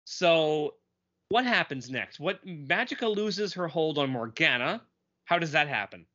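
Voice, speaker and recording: A man co-hosting a podcast in a casual chat, animated, quipping and reading lines aloud. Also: on the high side, unhurried, lo-fi sound. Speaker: podcast co-host.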